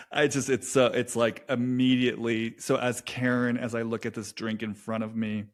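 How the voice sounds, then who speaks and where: A man of ordinary pitch talks through an intuitive reading. He goes slowly and hesitantly, often restarting his sentences, with soft laughs along the way. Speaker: intuitive reader. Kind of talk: spoken intuitive reading monologue.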